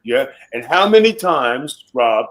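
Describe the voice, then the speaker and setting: A middle-aged man, a guest on a podcast, telling wrestling stories in rough, swearing-heavy casual talk. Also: medium pitch, big pitch swings, slow pace, fairly bright tone, poor audio. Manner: profane, boastful storytelling.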